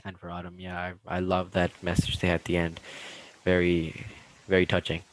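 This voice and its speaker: A man's voice: low voice, completely flat delivery, a little fast, poor audio. A man co-hosting a casual movie review podcast, agreeable and upbeat, often chiming in to back his partner up. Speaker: podcast co-host.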